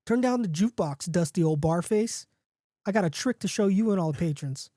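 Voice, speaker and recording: An overexcited, rough-edged man who keeps insisting, as a narrator puts him on. The voice rides higher and louder than plain talk, pushy and eager, with a dark, dry tone. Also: brisk, no room sound. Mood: excited. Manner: loud, excited, insistent. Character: excitable rough man with a wolf.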